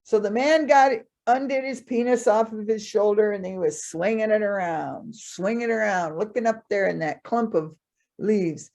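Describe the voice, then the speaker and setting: A woman telling traditional trickster stories live, animated, with playful asides. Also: medium pitch, normal speed. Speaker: storyteller.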